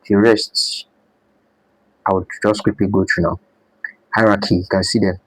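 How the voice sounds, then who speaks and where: A man's voice: lowish voice, level tone, normal speed, no echo, low-quality recording. A man teaching a live design class, repeating his points and quizzing students with "what?". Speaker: design instructor.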